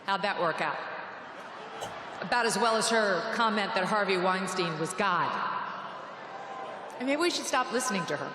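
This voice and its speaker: A woman's voice: mid-range voice, expressive, moderate pace, pauses often. A woman giving a sarcastic, mocking political rally speech with punchy delivery. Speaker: rally speaker. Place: large echoing hall. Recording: echoey hall with long reverb, noisy.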